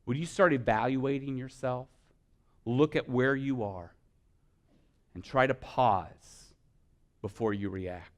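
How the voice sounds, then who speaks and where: A man preaching a sermon, building from quiet, soft-spoken stretches to loud, passionate exhortation. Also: medium pitch, slow pace, long pauses. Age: adult with children. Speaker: pastor.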